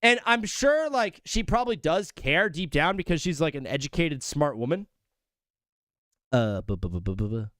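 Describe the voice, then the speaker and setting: A young man hosts a live sports stream, rambling and joking loosely with his viewers and calling them brother. His voice is on the high side and a bit bright, very animated at a moderate pace, with clean studio sound and no room echo.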